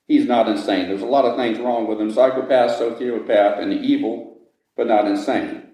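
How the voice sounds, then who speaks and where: A man's voice: mid-range voice, steady tone, normal speed, dark tone. A man telling a ghost story to visitors inside an old jail, pacing it dramatically and lingering on grisly details. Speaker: ghost story teller and guide. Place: old jail building, indoors. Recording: echoey room.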